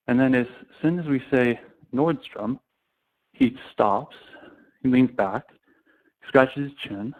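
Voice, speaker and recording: A man as a sales trainer, telling anecdotes in a casual, animated way. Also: mid-range voice, slow pace, long pauses. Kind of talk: storytelling talk. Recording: tinny phone-like sound.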